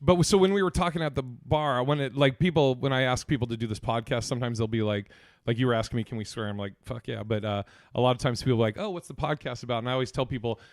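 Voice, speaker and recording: A man's voice: medium pitch, fairly even intonation, racing, no room sound, studio quality. A man hosting a comedy podcast in loose casual chat, laughing easily and swearing freely. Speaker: podcast host.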